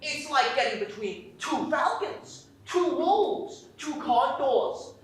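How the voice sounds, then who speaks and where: A woman's voice: sits high, sing-song, slow pace, exaggerated voice. Woman playing a grave warning party guest. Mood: solemn. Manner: mock-dramatic warning. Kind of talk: stage sketch comedy. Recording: echoey room from a distance.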